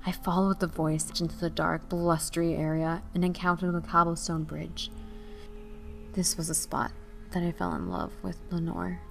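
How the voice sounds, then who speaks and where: Young female narrator, emotive dramatic storytelling, lowish voice. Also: gravelly. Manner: emotive, shifts between hushed and raised. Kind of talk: dramatic reading of a short story.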